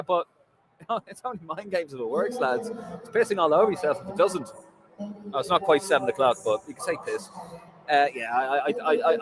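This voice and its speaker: A man's voice: a little high, poor audio. An Irish man hosting a live football fan stream from a stadium, chatting and bantering with viewers' comments. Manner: chatty, jokey banter, frequent fillers. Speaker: football fan livestream host. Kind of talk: casual live chat reading viewer comments.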